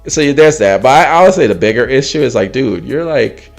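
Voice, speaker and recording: Gravelly-voiced man, casual rambling chat. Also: brisk, faint music behind. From United States. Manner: animated, laughing often, mimicking people in a high voice. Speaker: host.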